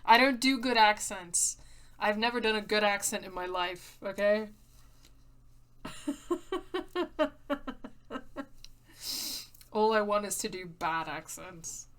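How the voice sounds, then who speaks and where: A woman's voice: mid-range voice, expressive, slow, long pauses, a bit bright. A woman streaming a game and giving casual, wry, laughing commentary. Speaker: gameplay streamer. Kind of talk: casual let's-play commentary.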